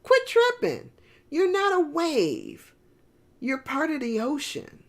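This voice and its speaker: A brash, carefree wave in a sermon story, mocking his panicking neighbor with high, loud slang, played by a woman preacher. The voice sits far above her usual low pitch. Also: huge pitch swings, slow pace, heavily acted. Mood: teasing.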